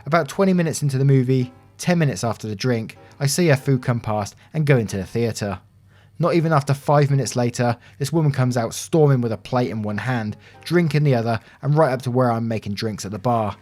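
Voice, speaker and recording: A man reading Reddit stories aloud in an expressive, animated narration. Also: medium pitch, a little fast. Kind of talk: scripted story narration. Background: soft background music.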